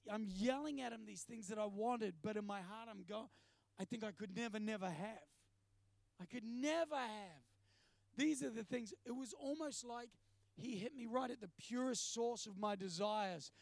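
A man preaching a sermon, telling a personal story and acting out his prayers with animated delivery. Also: high voice, gravelly, no echo.

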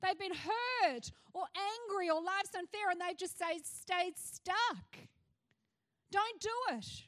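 A woman's voice: extremely high pitch, slow, fairly bright tone. A middle-aged woman pastor with an Australian accent, preaching a passionate sermon that rises to fervent cries.

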